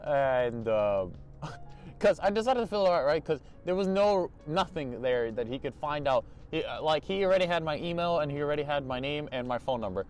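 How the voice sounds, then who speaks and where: A young man telling a storytime vlog, animated, restarting and repeating himself, laughing often. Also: a little high, moderate pace. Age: young adult. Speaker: vlogger.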